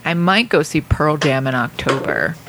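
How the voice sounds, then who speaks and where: A woman in her thirties in casual chat, an animated storyteller who swears freely and laughs often. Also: sits low, normal speed, noisy background.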